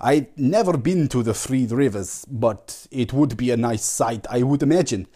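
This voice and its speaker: A man's voice: mid-range voice, mellow, voice pushed down, lightly acted. Man doing a pompous foreign archery champion. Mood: grandly formal. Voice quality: congested nasal voice. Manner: halting, searching for words, mock foreign phrasing.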